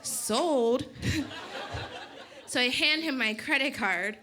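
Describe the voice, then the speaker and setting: A woman doing a stand-up routine with a dry, deadpan delivery. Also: high voice, slow pace, a crowd in the background. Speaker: stand-up comedian. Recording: stage mic with loud room noise.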